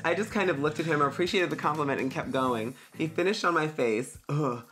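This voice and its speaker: A woman guest on a podcast, reading a listener's letter aloud and breaking off into loud squeals and asides. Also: extremely low pitch, a little fast, few pauses, loud music behind the voice.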